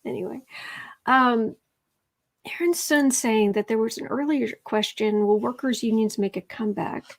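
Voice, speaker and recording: There's a slightly high pitch to this Southern woman's voice, and she keeps a moderate pace. As host of an easygoing tarot livestream, she chats with viewers, reads out what they write, drops sarcastic asides, and goes quiet and murmuring as she shuffles.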